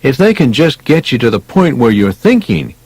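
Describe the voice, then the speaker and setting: A man's voice: medium pitch, normal speed, slightly rough, no echo, poor audio. Male narrator for self-help audiobook: emphatic, chatty storyteller, dry close-mic sound. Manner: emphatic, conversational, lively storytelling.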